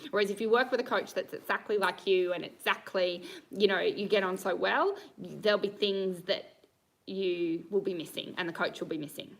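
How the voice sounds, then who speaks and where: A woman's voice: medium pitch, steady tone, normal speed, poor audio. An Australian woman, a riding coach, answering viewer questions on a live stream in a bubbly, upbeat way and laughing often.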